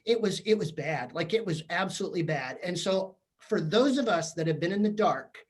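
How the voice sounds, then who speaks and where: A man giving a comedic motivational talk to teachers, animated and jokey, often asking the audience questions. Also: high voice, moderate pace. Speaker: keynote speaker for teachers. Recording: virtual session.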